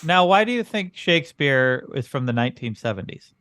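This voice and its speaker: A man's voice: mid-range voice, very animated, brisk, fairly bright tone, no room sound, studio quality. A man co-hosting a comedy podcast as the bemused straight man, asking puzzled questions. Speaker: podcast co-host. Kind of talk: improvised comedy chat.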